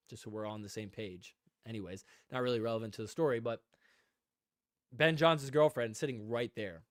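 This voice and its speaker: A man co-hosting a casual livestream podcast, telling a story with animated delivery and frequent laughter. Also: mid-range voice, a little fast, no room sound, clean studio sound. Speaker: podcast co-host.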